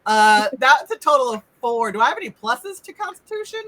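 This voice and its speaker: A woman running a tabletop role-playing game as game master, animated and teasing, laughing often. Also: on the high side, fairly quick, poor audio. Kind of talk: casual tabletop game narration.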